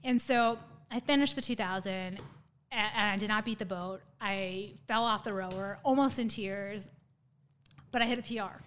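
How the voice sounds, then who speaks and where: A woman's voice: medium pitch, moderate pace, a bit bright. A woman guest chatting casually in an interview, telling a story in a sarcastic, talkative way with lots of fillers. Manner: sarcastic, by her own account; chatty, with many fillers and laughs.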